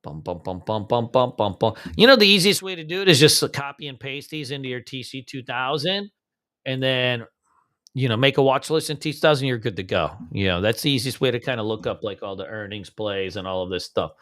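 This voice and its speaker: A man's voice: medium pitch, a little fast, a bit bright. A man hosting a live pre-market trading stream, casual and slangy, humming filler beats as he scrolls through charts.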